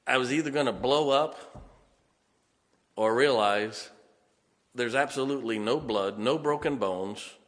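Middle-aged man, pastor, folksy sermon storyteller, quick laughs, long hall reverb. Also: medium pitch, fairly bright tone. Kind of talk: sermon with personal stories.

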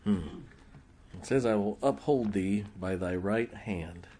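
A middle-aged man preaching a sermon in a folksy, humorous way, swinging from loud emphasis to quiet, intimate asides. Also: on the low side, slow pace, slight background noise. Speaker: pastor.

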